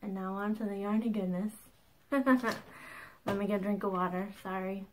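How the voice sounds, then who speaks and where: A woman's voice: medium pitch, fairly even intonation, normal speed, slight background noise, rough recording. A woman in her thirties hosting her own crafting podcast at home, chatting casually and bubbly, often breaking into a laugh between asides. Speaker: podcast host. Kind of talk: casual chat.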